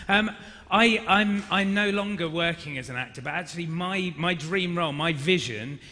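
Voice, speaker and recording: A man's voice: high-pitched, a little slow. A British man, a former actor, candidly answering audience questions on stage, often restarting his sentences. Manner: warm, candid, with frequent self-restarts. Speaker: former actor, now speaker and coach. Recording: reverberant event hall.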